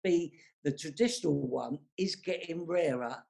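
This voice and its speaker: A man's voice: fairly high pitch, measured pace, vocal fry, a little mellow. A man from south London with a London accent, a chatty and frank guest in a casual panel discussion.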